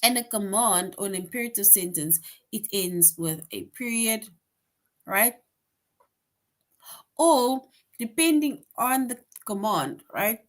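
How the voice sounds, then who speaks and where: Patient woman teaching grammar to kids. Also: medium pitch. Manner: explains patiently, tag question "right?" after most points; reads example sentences slowly with emphasis. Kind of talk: online grade-school grammar lesson.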